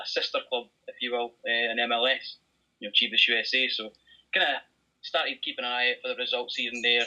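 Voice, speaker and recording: A Scottish man, a guest writer, chatting in a relaxed, friendly way on a podcast over a muffled phone line. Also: medium pitch. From Scotland. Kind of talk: podcast interview chat.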